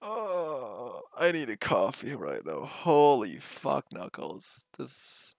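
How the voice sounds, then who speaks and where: A man's voice: mid-range voice, huge pitch swings, takes it slowly, creaky, fairly bright tone, dry recording, studio quality. A man streaming live while coding, muttering, swearing and laughing at his own frustration. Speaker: livestreaming game developer.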